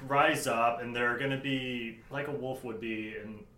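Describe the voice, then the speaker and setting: A man playing a tabletop game, describing his moves in a relaxed way. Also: medium pitch, a little slow, slight background noise. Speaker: player. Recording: roomy room, faint music.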